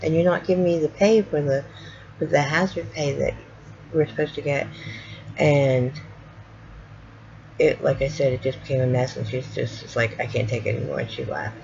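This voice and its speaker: Low gravelly woman telling family stories. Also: steady tone, normal speed, long pauses, darkish tone. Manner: rambling, full of fillers and acted-out quotes. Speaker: vlogger. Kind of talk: casual storytelling. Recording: dull lo-fi home video with noise.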